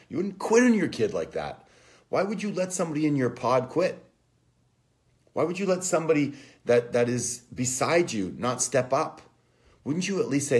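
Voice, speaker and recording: A man hosting a live online coaching session, giving an energetic, profane motivational talk and calling out viewers by name. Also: moderate pace. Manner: energetic, profane, shouts names and "boom".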